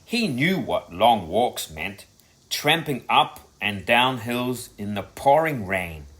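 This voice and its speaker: A man narrating a children's audiobook in a dramatic, expressive manner. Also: mid-range voice, slow.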